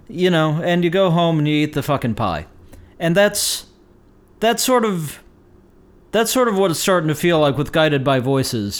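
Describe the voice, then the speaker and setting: Male music reviewer, forties, clear resonant voice, offhand deadpan delivery, meandering asides. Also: fairly high pitch, moderate pace. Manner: rambling, wry and deadpan, with some swearing. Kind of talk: casual album review monologue.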